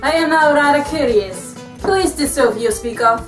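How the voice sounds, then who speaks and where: A woman's voice: high-pitched, animated, normal speed, over music. A woman playing a proud swashbuckling masked heroine with a put-on Spanish accent, speaking formally and grandly in a comedic movie review. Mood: grandly puzzled.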